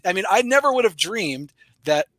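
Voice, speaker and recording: A middle-aged man, a sales author and guest, telling stories in a lively way and acting out both sides of the dialogue. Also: normal speed, no echo. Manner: energetic, acts out dialogue with big pitch jumps. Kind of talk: storytelling interview talk.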